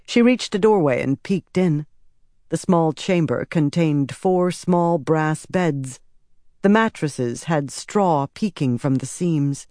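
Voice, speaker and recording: A woman reads scripted narration for an audiobook in a measured, expressive way. Her voice is low-pitched, and the recording is dry with clean studio sound.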